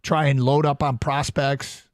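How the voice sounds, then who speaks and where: A man's voice: mid-range voice, flat delivery, no echo. Chatty sports radio host, male, mid-range voice, dry close mic. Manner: chatty, reads plugs quickly with fillers. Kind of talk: casual sports radio chat. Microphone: studio microphone.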